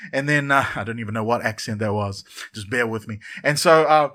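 A man preaching a sermon in church, lively and conversational, often repeating words and adding asides. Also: medium pitch. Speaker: pastor.

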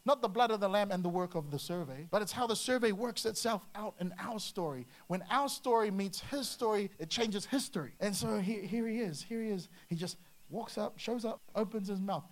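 A preacher giving an energetic, conversational sermon, with frequent restarts and acted asides. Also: medium pitch. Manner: lively, slips into acted quotes, many restarts.

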